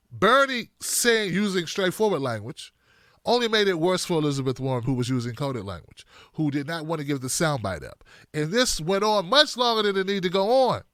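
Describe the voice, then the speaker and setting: A man hosting a livestream of political commentary, animated and talking straight to his viewers, sometimes putting on mocking voices. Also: sits high, dry recording, clean studio sound.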